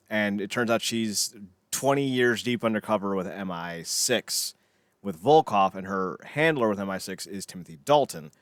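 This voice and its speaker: A man with a lowish voice talking casually on a podcast, rambling between points and swearing freely. He often trails off into quiet mumbles. The sound is dry and close. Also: clear, resonant tone, dry recording. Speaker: podcast co-host.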